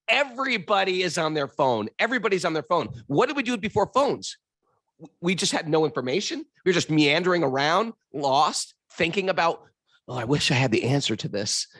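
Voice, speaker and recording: A man's voice: a little high, a bit bright, dry recording, clean studio sound. Playful man in casual spiritual chat. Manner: playful, laughing, quick asides. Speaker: co-host answering questions.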